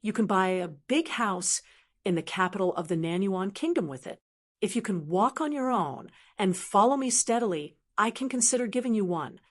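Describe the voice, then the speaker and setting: A woman voicing a calm, steady young male swordsman who speaks low and even. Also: moderate pace, lightly acted. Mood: reassuring.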